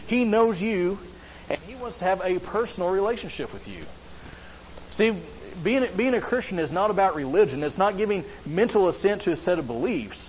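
Pastor guy preaching a sermon, kinda high voice, muffled lo-fi recording w/ faint hiss. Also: expressive, normal speed. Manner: earnest preaching with rhetorical questions. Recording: slightly dull lo-fi sound with faint background hiss.

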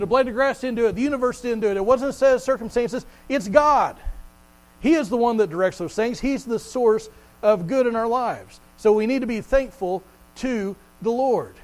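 A pastor with a high voice gives a sermon in a plain, conversational style, repeating words as he builds each point and slowing way down to stress every scripture quote. The rough recording carries a faint electrical hum underneath.

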